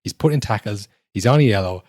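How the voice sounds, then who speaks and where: Guy on a football podcast, lowish voice, acts out refs n players, dead dry mic. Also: fast, no room sound. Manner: animated, acts out quoted referees and players. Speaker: podcast co-host. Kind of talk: casual football chat.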